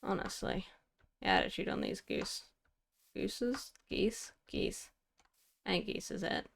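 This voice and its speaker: A woman's voice: medium pitch, wildly swooping pitch, takes it slowly, creaky. A young woman streaming a game, chatting wryly to herself and scolding things in mock indignation. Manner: chatty, wry self-talk, mock-indignant. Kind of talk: casual gameplay commentary to herself.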